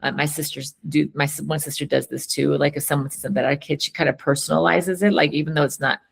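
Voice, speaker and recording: Low, gravelly-voiced woman talking animatedly. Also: fast talker. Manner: animated, acts out quoted lines, laughs often. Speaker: co-host of a couples talk show. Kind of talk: casual conversation walking through a worksheet.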